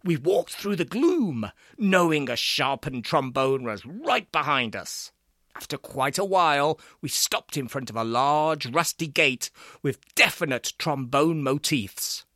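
A man narrating a comic serial story in a deadpan, drily funny manner. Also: a little high, a little slow, dry recording, clean studio sound.

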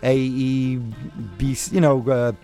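A man's voice: medium pitch, monotone, slow, dark tone, soft background music. A man hosting a call-in radio advice show, giving friendly advice in a rambling, self-correcting way. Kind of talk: casual call-in chat.

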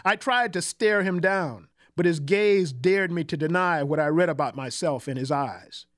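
A man narrating a first-person literary story in a measured, wry, reflective way. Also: on the high side, fairly bright tone.

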